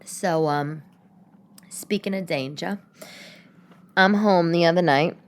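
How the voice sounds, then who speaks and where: A woman's voice: lowish voice, slow pace, slight background noise. A woman, rambling casually as a podcast host from her home, with frequent restarts. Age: late 30s. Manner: chatty, rambling, many restarts. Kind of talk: casual solo podcast chat.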